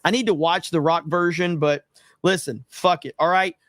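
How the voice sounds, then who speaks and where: Male streamer reading super chats, joking and fed up, raised pitch, dry mic. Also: steady tone, normal speed, fairly bright tone, no echo. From United States. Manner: profane, exasperated, joking. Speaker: livestream host. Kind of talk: casual livestream chat reading super chats.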